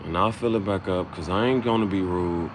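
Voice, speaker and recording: A man's voice: deep voice, a little fast, noisy background. A man freestyling a loose, swaggering, profane rhyming monologue as host.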